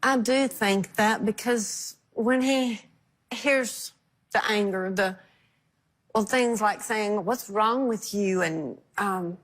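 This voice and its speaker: A woman's voice: medium pitch, takes it slowly. Earnest, accusing grandmother on a talk show. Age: older. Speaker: guest, grandmother. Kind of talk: emotional talk show testimony.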